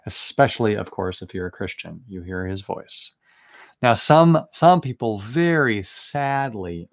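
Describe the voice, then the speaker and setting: Earnest man giving a casual sermon. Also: fairly low pitch. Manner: conversational, earnest, with restarts and asides. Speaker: preacher hosting a Bible study. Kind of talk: informal sermon.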